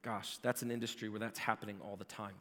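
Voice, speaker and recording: Animated male pastor preaching in a hall. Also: on the low side, fast. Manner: animated, builds to shouting in jokes. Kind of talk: sermon. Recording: long hall reverb.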